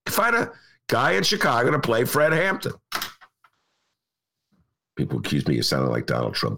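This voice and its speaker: Lively, bright-voiced older man rambling. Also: lowish voice, fairly quick, vocal fry, long pauses. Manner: rambling, emphatic, repeats himself. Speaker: podcast host and journalist. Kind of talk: casual chat.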